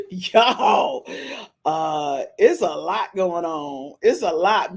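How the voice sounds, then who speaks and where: A woman's voice: on the low side, takes it slowly, breathy edge. A woman hosting a casual live-stream podcast, talking playfully to her chat and calling out meows. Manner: animated, playful, says meow to the chat; African American Vernacular English speech patterns. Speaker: podcast host.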